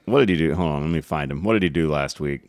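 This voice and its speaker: A man with a deep, low voice co-hosts a relaxed sports podcast. He jokes around and talks through numbers as he looks them up. The sound is close and dry. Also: fast talker, no room sound. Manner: joking, talks through stats aloud. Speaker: podcast co-host. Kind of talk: casual sports chat.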